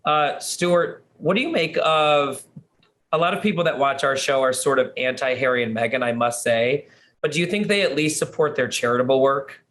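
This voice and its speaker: A hoarse man hosting an entertainment news show, presenting in an upbeat, chatty way. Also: medium pitch, moderate pace, a bit bright. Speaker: host.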